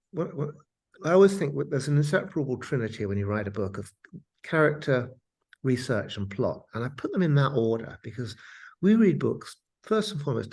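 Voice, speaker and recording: Animated man telling stories as an author. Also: mid-range voice, gravelly. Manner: animated storyteller. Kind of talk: interview, anecdotal storytelling.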